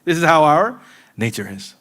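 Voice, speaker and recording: A man delivers a sermon in a mosque, his voice sitting a little higher than most men's. He talks straight to his listeners in an earnest, direct way, pressing some points hard and dropping others to a near hush. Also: sing-song, normal speed. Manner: earnest and direct, addressing listeners, swinging from emphatic to hushed. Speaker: mosque preacher. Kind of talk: sermon to a live congregation.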